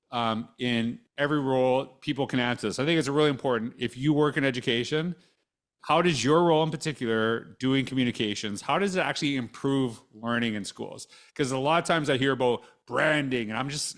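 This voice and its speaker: A man's voice: medium pitch, a bit bright. A male podcast host chatting casually with a guest. He circles back and restarts his thoughts often, with a dry, sarcastic edge now and then. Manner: rambling with many restarts, dry sarcastic asides. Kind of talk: casual conversational interview.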